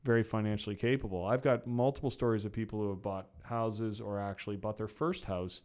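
A man's voice: lowish voice, steady tone, a little fast, a little mellow. A middle-aged man as an interview guest, telling long stories in a rambling way, full of "you know" and restarts. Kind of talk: casual storytelling interview.

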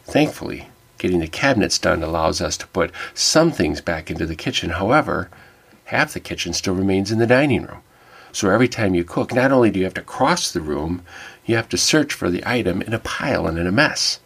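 A man's voice: low-pitched, animated, a little fast, creaky, a bit bright, slightly rough. A middle-aged man giving an earnest, wry personal reflection that turns to faith. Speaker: devotional speaker.

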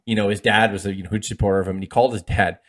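A man on a podcast casually retelling a wrestling story, acting out quotes with laughs and lots of fillers. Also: lowish voice. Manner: fast, animated retelling with acted-out quotes and laughs. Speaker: podcast co-host.

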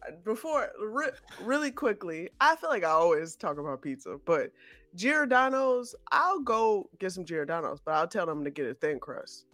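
A woman from the Chicago area co-hosts a casual podcast, talking in an animated, slangy, emphatic way. Her pitch swings widely as she tells stories. The recording is dry and close, with faint music beneath. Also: normal speed, dry recording. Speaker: podcast co-host.

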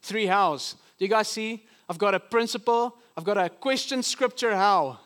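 A male pastor preaching a sermon in an earnest, teaching manner, often slowing down to stress a point. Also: high-pitched, fairly bright tone. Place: church.

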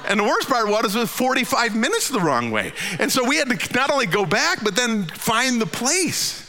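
A man in his fifties telling a funny personal story, his voice leaping up at the punchlines and sinking low and quiet for the tired asides. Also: moderate pace, long reverb tail, a little hiss or hum. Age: 50s. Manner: animated, jumps high in pitch at the funny parts.

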